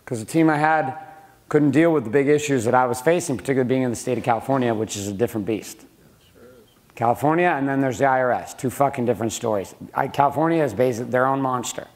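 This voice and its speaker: A middle-aged man teaches a room of men, his medium-pitched voice fast and a little mellow. The motivational business talk is blunt and profane, full of swearing and questions thrown at the crowd.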